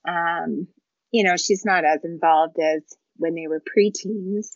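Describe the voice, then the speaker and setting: A woman with a fairly low voice chats informally as she recaps a story, using plenty of casual fillers. The recording is dry and slightly muffled. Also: steady tone, measured pace, no echo. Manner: chatty, informal summarizing. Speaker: book discussion guest. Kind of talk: casual chat.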